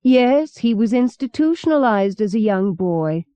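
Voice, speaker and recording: A woman narrator voicing an eerie, chatty old woman who tells dark stories matter-of-factly. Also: fairly high pitch, very animated, a little slow, clear, resonant tone, no echo, soft background music, pitched above the performer's own voice. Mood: calm, knowing. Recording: dull lo-fi cassette recording.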